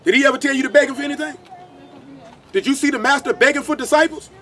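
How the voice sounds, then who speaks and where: A man leads an informal scripture lesson, his voice pitched high for a man. He talks in blunt street slang and keeps hitting the listeners with rhetorical questions. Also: quick pace, a bit bright, a faint crowd. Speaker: Bible teacher.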